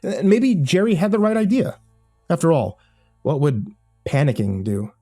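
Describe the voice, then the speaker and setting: Mellow-voiced man narrating horror. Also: on the high side, big pitch swings, normal speed, faint music behind. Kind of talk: first-person audiobook narration.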